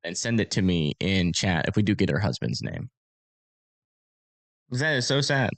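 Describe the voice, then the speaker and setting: A man's voice: low voice, big pitch swings, normal speed, creaky, fairly bright tone, no echo. Chatty thirty-something man, dry close sound. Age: 30s. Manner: chatty, reads donations aloud, self-deprecating. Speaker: storm-chasing livestream host. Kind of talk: casual livestream chat.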